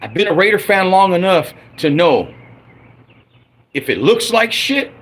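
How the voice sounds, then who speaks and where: Profane, heated husky man ranting. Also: sing-song, unhurried. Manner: profane, heated, swinging from loud outbursts to low grumbles. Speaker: livestreamer ranting about his football team. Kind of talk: angry unscripted livestream rant.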